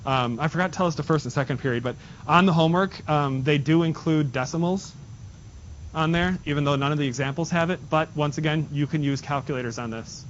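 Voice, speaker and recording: A man with a somewhat high voice talks a little fast as he teaches math, guiding his class through problems step by step and tossing in jokes along the way. The classroom lesson was captured on a dull, lo-fi recording with faint hiss.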